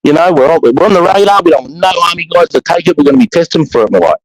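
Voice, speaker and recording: A man with an Australian accent telling a long anecdote in casual chat, profane and animated, with many restarts. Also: a little high, rapid-fire, a crowd in the background, poor audio. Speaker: podcast storyteller.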